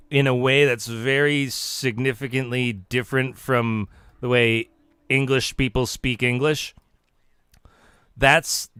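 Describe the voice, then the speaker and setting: Streamer type, man, clean smooth voice, dry close desk mic, joking mock-expert rambling with stops and restarts. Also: mid-range voice, a bit bright, no room sound. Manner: joking mock-serious lecturing, halting restarts. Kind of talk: casual live stream rambling.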